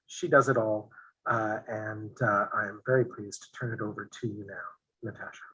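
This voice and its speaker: A male event host giving a formal land acknowledgement and introduction, speaking haltingly with frequent pauses. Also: lowish voice, steady tone, fairly bright tone, slightly rough, lo-fi sound.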